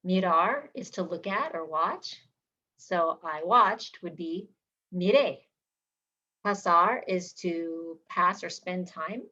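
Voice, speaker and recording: A woman teaching a Spanish lesson, drilling verb endings slowly and clearly for learners to repeat. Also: fairly low pitch, expressive, sharp tone. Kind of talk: language lesson. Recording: slightly dull lo-fi sound.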